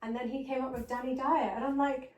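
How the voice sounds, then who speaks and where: A woman's voice: sits high, little pitch movement, fast, darkish tone, far from the mic. A woman hosting a podcast keeps the talk chatty and laughs easily along with her guest. Her voice sits a bit back from the mic, in an echoey room. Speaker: podcast host. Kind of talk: casual interview chat.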